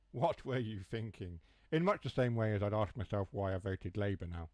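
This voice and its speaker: A young man with a fairly low voice speaks at a normal pace while streaming a train game, rambling through joking asides in casual gaming chat. He's from the Mansfield area of England and has a Huthwaite, Nottinghamshire accent that drops H's and T's. No echo is audible.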